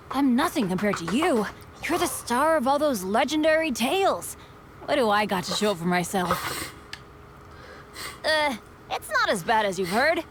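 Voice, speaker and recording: A woman's voice: fairly high pitch, noisy background. A woman voicing a cheerful, self-deprecating teenage boy adventurer in a video game, eager and bouncy. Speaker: game character. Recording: game audio with loud background music.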